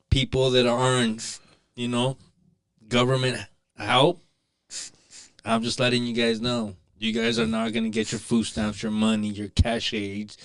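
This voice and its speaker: A man co-hosting a casual podcast, loose and slangy, who stammers when starting a thought. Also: mid-range voice. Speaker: co-host.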